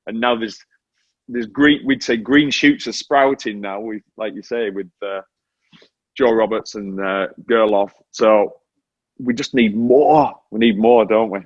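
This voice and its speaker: A man's voice: lowish voice, a little slow, dry recording, highs cut off. A British man in his forties, a former motorcycle racer, chatting animatedly as an interview guest over a remote link. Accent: British English. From Britain. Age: 40s. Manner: animated, self-deprecating storytelling. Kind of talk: casual interview chat.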